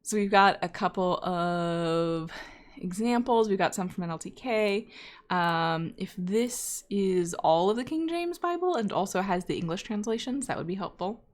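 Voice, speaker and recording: A woman's voice: medium pitch, animated, a little slow. A woman hosting a live coding stream, talking casually and thinking aloud with frequent fillers and asides, now and then reading viewer chat aloud. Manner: reads chat messages aloud. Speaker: data scientist live-coding host.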